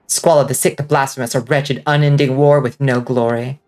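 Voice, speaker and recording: A woman streaming a game live, chatting casually and rambling with lots of fillers, now and then breaking into excited outbursts. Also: very deep voice, fairly quick, soft background music. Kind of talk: casual livestream chat while gaming.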